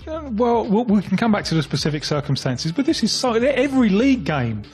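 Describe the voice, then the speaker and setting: A man's voice: high-pitched, very animated, a little fast, a little mellow, soft background music. A man talking football as a pundit on a radio phone-in, chatty and laughing as he explains.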